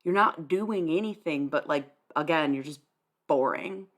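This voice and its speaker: A young woman talks back to her live stream chat, blunt and dismissive. Her voice sits a little low for a woman, and she swears freely with a sarcastic edge. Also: measured pace. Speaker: livestreamer.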